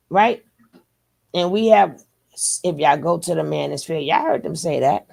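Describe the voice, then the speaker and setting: Woman host, gravelly, lively pitch, slow emphatic reaction commentary. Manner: emphatic, conversational.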